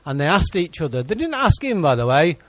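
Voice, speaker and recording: A man's voice: on the high side, big pitch swings, a little fast, no room sound, highs cut off. A man preaching a sermon in church, reading scripture and joking with the congregation.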